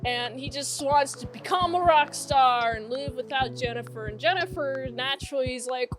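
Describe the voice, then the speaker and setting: High-voiced young woman recapping a movie. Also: normal speed, hardly any pauses, soft background music. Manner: rambling plot retelling with swearing and giggly asides. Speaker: movie reviewer. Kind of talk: casual movie review recap.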